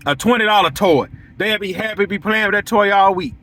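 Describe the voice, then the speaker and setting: A man's voice: high-pitched, fairly quick, a bit bright. A young man who runs a lawn care business, talking straight to his viewers in a blunt, preachy, repetitive way. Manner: preachy, repetitive, blunt, acts out quoted lines. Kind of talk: casual monologue to the audience.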